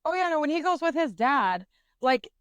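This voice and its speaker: A young woman with a fairly high voice tells a story on a podcast. She swears freely and is animated. The sound is close and dry. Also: normal speed, no echo. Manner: profane, animated storytelling with acted-out quotes. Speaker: podcast co-host. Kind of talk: casual storytelling chat.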